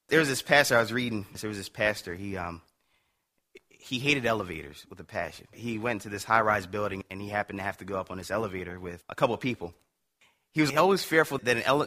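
Guy preaching, bright voice, swings from punchy to quiet storytelling. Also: mid-range voice. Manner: storytelling, emphatic with quiet dips. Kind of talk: sermon.

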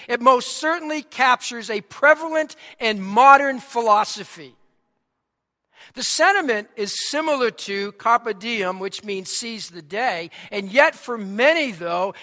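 A man with a Boston accent preaching a sermon, emphatic, moving from soft prayer to loud, forceful points. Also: extremely high pitch, in a large hall. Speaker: pastor. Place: church sanctuary.

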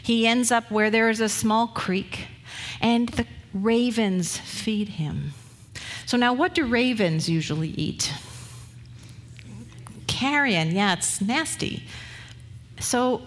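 A woman's voice: medium pitch, slow. A woman pastor preaching a sermon, retelling scripture stories in a conversational, storytelling way.

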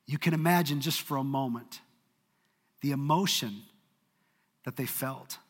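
A man preaching a sermon, telling a story earnestly, sometimes brisk and sometimes dropping to a hush. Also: mid-range voice, in a large hall. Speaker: pastor.

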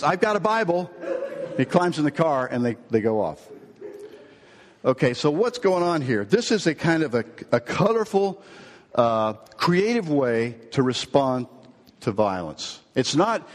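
Male pastor preaching in a reverberant hall. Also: mid-range voice. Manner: storytelling with lively quoted voices. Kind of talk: sermon.

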